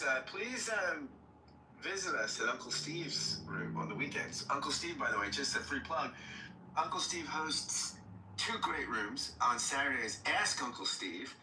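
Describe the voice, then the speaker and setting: A man's voice: medium pitch, pushed and bright, roomy sound, recorded from a distance, slight background noise, poor audio. A man moderating a live audio chat room, friendly and upbeat as he plugs the weekend shows.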